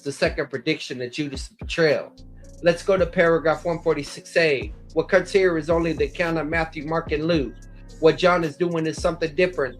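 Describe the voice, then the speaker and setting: A man giving an explanatory Bible lecture, citing verses and paragraphs and sometimes restarting words. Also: on the high side. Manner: explanatory, cites verse numbers, occasional restarts. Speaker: Bible teacher. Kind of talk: lecture on scripture.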